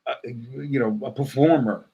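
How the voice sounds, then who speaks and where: A man speaking as a guest in a casual interview, thoughtful and halting, with many fillers and restarts. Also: mid-range voice, creaky, dark tone, breathy edge.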